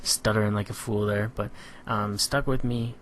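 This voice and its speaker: A man giving a relaxed, analytical voice-over on his own competitive match, filling pauses with "you know". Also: on the low side. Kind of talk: gameplay commentary voice-over.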